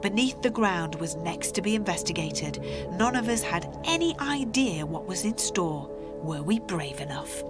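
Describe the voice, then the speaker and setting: A woman narrating in a dramatic, suspenseful scripted voice-over, with loud music playing beneath her. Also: on the low side, animated, normal speed.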